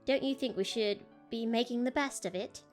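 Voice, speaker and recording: A woman's voice: fairly high pitch, normal speed, soft background music, voice pushed up, natural voice. A woman voicing a lonely, polite antique female doll in a put-on accent. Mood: prim.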